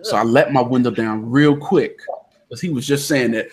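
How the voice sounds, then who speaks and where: A man with a Southern American accent, hosting a laid-back online discussion. His voice is husky and sits at a middle pitch, and he tells his story with lively energy, jumping into loud quoted lines. He comes through an online call. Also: moderate pace. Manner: animated storyteller, acts out quotes loudly. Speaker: podcast host. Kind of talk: casual chat, storytelling. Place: indoors during a thunderstorm. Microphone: online call connection.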